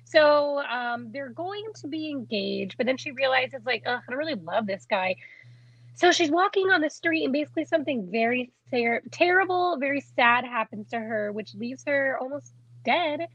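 A woman's voice: high-pitched, expressive, normal speed, fairly bright tone, dry recording, lo-fi sound. A young woman co-hosting a podcast, chatting in a bubbly, giggly way with lots of "like". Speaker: podcast co-host. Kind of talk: casual chat.

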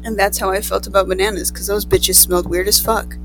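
A teenage girl tells a long story in loose, casual chat. She swears constantly and keeps rambling into quick asides, at an ordinary pitch for a young woman. Faint music plays somewhere in the background. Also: little pitch movement, poor audio. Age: teens.

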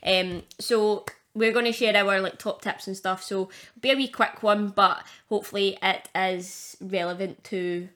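A woman's voice: mid-range voice, fairly even intonation, moderate pace, few pauses, a bit bright. A young Scottish woman co-hosting a casual podcast as a coach, chatty and rambling, laughing often between her points. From Scotland.

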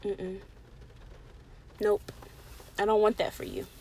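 A woman preaching a sermon with passion, swinging between loud emphatic declarations and soft, intimate pleading, and repeating key phrases for emphasis. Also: mid-range voice, lively intonation, slow, gravelly, slightly rough.

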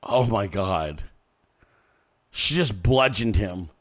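A man giving profane, mocking reaction commentary on a political debate, swinging between low mutters and loud outbursts. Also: expressive, slow pace.

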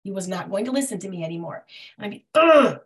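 A middle-aged woman on a video call, sharing her story at a recovery meeting in a halting way, often restarting and searching for words. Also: mid-range voice, dark tone.

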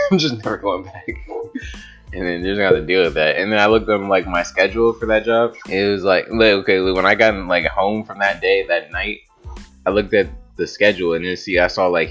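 Young man, deep low voice, casual rambling story, profane, lots of "like" fillers, faint music behind. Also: fairly bright tone. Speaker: vlogger telling a story.

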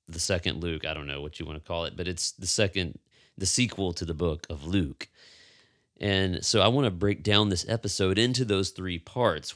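Deep-voiced man preaching a sermon. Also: bright, forceful tone. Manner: conversational storytelling, acts out quoted dialogue. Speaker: pastor. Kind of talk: sermon with a personal story.

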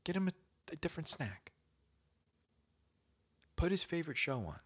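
A young man hosting his own podcast, telling a casual story in a slangy, animated way, dropping to whispers and jumping to shouts as he acts it out. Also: on the high side, normal speed, husky. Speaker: podcast host.

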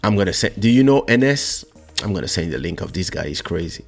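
A man hosting a podcast, chatting casually and telling a family story in an animated way. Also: low-pitched, quick pace, vocal fry, faint music behind. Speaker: podcast host. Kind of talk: casual chat.

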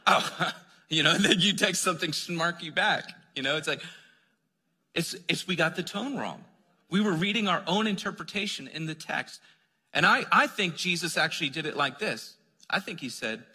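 A man preaching a sermon, conversational and joking, dropping to a soft voice when he reads scripture. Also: on the high side, moderate pace. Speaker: pastor. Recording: long hall reverb.

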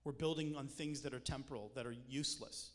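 A man's voice: medium pitch, fast, fairly bright tone. A man preaching a sermon in a conversational way, with jokes and emphatic points. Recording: long hall reverb with music behind.

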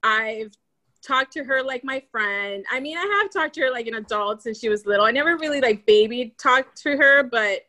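A woman's voice: on the high side, expressive, normal speed, sharp tone. A young woman, a guest on a podcast, telling stories in casual chat and laughing often.

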